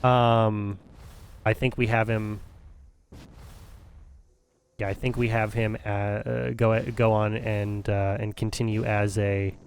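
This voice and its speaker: A man's voice: lowish voice, little pitch movement, takes it slowly, pauses often, slight background noise. A man streaming a game, thinking aloud in casual, hesitant commentary.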